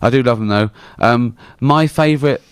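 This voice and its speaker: Chuckling English comedian telling stories. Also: male voice, medium pitch, moderate pace, clean tone, no echo, clean studio sound. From England. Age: 40s. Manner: rambling, self-interrupting storyteller who laughs at his own jokes. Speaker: comedian guest. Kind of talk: casual anecdotal interview talk.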